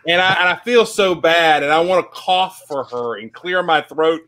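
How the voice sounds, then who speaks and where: A man chatting on a group stream, telling animated stories and repeating words as he goes. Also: fairly high pitch, moderate pace. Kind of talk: casual chat on a group stream.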